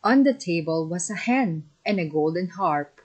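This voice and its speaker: A woman narrating a children's fairy tale in a slow, simple storybook manner. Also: on the low side, expressive, breathy edge, rough recording.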